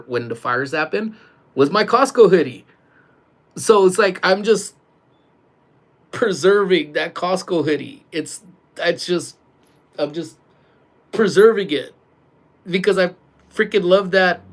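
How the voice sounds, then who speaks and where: A man hosting a casual morning livestream, talking loudly with lots of laughing and joking. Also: on the high side. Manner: loud, laughing, joking banter. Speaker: livestream host.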